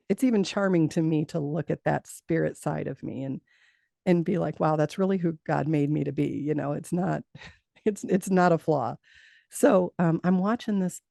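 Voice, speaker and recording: A middle-aged woman recounting her own experience as an interview guest, her voice mellow and edged with gravelly fry. She speaks earnestly, laughs often and stumbles over repeated words. The sound is close and dry. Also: sits low, dry recording. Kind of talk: personal storytelling in an interview.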